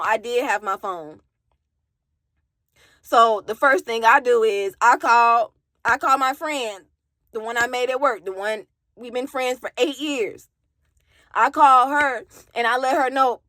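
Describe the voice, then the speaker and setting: A woman from Alabama speaks in a somewhat high voice. She tells her own story in a raw, candid way, cursing and talking straight to her viewers. The sound is dry, with no room echo. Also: fairly bright tone. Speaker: vlogger telling her story. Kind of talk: emotional personal storytime.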